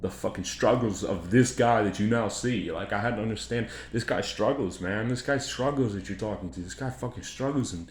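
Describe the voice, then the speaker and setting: A man's voice: fairly low pitch, fairly quick, few pauses. A man in a rambling, profane, repetitive monologue about himself, often repeating phrases for emphasis. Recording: echoey room, faint background noise.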